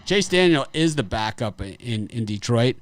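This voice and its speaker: A man's voice: mid-range voice, animated, moderate pace, slight background noise. A man hosting a live sports betting show, talking bluntly and casually with frequent restarts and some swearing. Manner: blunt, profane, rambling with restarts.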